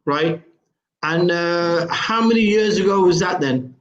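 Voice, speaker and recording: High-voiced radio host in a roomy studio. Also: male voice, unhurried, lo-fi sound. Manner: probing, repeats questions. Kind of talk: live radio interview.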